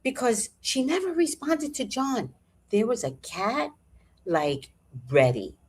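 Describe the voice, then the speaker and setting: A woman vlogger telling a story in a casual, animated and profane way, sighing and clearing her throat often. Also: fairly high pitch, slow, slight background noise.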